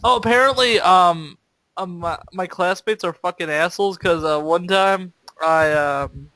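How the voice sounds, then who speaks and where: A man's voice: high voice, unhurried, bright, forceful tone, no room sound, rough recording. A young man co-hosting a podcast in casual chat, crude, swearing a lot and laughing often. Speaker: podcast co-host.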